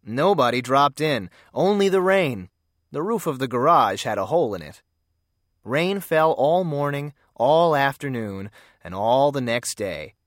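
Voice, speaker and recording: A storyteller reading a children's mystery aloud with expressive storybook delivery. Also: medium pitch, dry recording, clean studio sound. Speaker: narrator.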